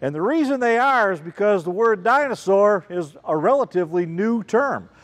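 Man, children's speaker, high lively voice, big reverberant hall. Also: normal speed. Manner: animated, calls out questions to the crowd. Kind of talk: lively talk to a group of kids. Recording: long reverb, large hall.

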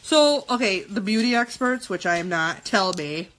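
A woman in her thirties chatting through a casual live makeup tutorial, jokey and quick to swear. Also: mid-range voice, lively intonation, fairly bright tone, a little hiss or hum. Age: 30s.

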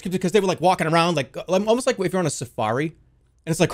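A young man telling a wild story to his stream in a casual, animated way, swearing freely. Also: high voice, racing. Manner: animated, swears a lot, yells in the quoted bits.

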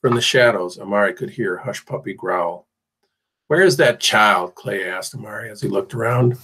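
A man reads a novel aloud in a low, husky voice. His narration stays steady and measured, with an occasional slip and restart. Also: rough recording. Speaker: audiobook reader. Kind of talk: audiobook narration.

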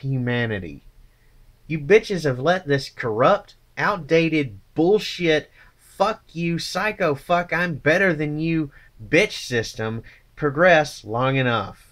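A man's voice: fairly high pitch, animated, slow, fairly bright tone. A man ranting angrily to his channel, contemptuous and swearing constantly. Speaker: channel host. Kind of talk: angry profane rant to camera.

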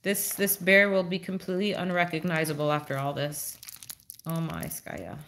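A woman's voice: moderate pace, fairly bright tone, slight background noise. Dog-talking woman live streamer. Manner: baby-talks to her dog, swings up high and playful; answers chat viewers with fillers and restarts. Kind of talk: casual live stream chat.

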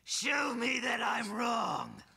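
A man voicing an unhinged, intense teenage boy ninja who taunts and shouts threats, in an anime dub clip. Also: very high-pitched, big pitch swings, very slow, creaky, husky, heavily acted. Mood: taunting threats. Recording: anime dub clip under loud music.

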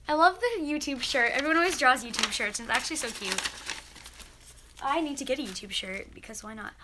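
A woman's voice: sits high, fairly quick, noisy background. A teenage girl vlogger opening fan mail, chatty and gushing as she reads letters aloud. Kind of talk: casual mail-opening vlog.

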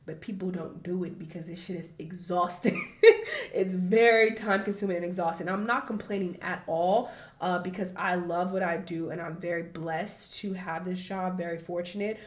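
A woman's voice: lowish voice, fairly even intonation, moderate pace. A woman making online reaction videos, speaking candidly to her viewers in casual slang with swearing. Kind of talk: casual talk to camera. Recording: echoey room.

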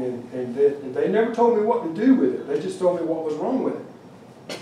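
Speaking a little fast in a slightly high, mellow voice, a wildlife carver lectures at a museum about his carving. His talk is humorous and rambling, full of restarts, recorded with a far-off mic in an echoey room with a bit of hiss or hum.

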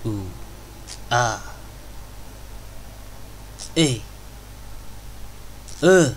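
Playing through a game for his channel, this young host chats to himself with excitable energy and frequent yelps in let's play style. He speaks at mid-range pitch, takes things slowly with long pauses, and soft music plays behind him.

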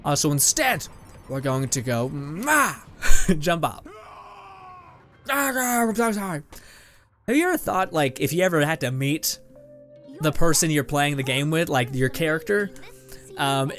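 A man's voice: a little high, expressive, a little slow, pauses often, a bit bright, soft background music. A young man from Canada giving casual, rambling let's-play commentary, laughing often and swearing casually as he plays. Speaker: gaming video host. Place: home room with green screen and lights.

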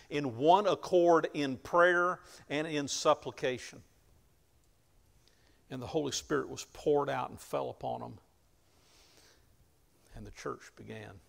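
A pastor with a gravelly, mid-range voice preaches a sermon, retelling scripture in plain, conversational language and getting loud for emphasis at the key moments.

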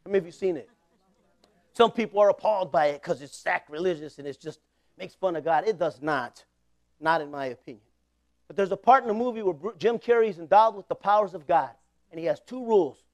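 Man, 40s, pastor, high voice, fervent sermon with call-and-response. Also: lively intonation, brisk. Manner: impassioned preaching with call-and-response.

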